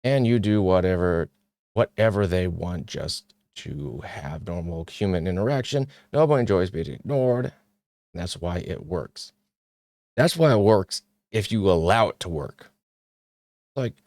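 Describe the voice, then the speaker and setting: A man's voice: low voice, expressive, measured pace, a little mellow, no echo, studio quality. A male podcast host reading points off a list and reacting with sarcastic, mocking asides.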